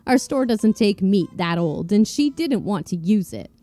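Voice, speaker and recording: Playful, animated woman storyteller. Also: medium pitch, a little slow, hardly any pauses, soft background music. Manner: playful, animated, addresses viewers as my dudes. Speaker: YouTube story narrator. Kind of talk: casual reading of online stories.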